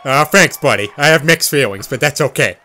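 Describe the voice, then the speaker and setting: A brash, goofy cartoon dad, as a man puts him on, hosting a rowdy voice-chat comedy night. His voice is bright and lively, sitting a bit high. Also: brisk. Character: Peter Griffin, loud middle-aged cartoon dad. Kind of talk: voice chat impressions.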